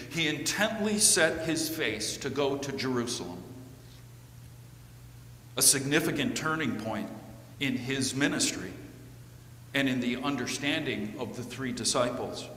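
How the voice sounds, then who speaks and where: A man delivers a sermon at an unhurried pace in a measured way, pausing now and then on small fillers. His voice sits at a middle pitch. The recording carries the long, echoing reverb of a church sanctuary with a faint hum underneath. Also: bright, forceful tone. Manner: slow, measured preaching with occasional fillers. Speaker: preacher.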